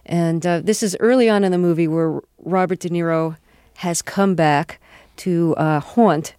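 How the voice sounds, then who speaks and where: A woman hosting a radio interview, asking questions calmly. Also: on the low side, measured pace, smooth, dry recording, clean studio sound. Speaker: interview host.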